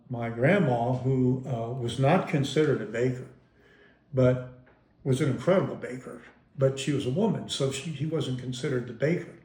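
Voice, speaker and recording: A man's voice: mid-range voice, warm tone. A man being interviewed, casually reminiscing about his family as an amused storyteller who often stops and restarts his sentences. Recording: roomy echo.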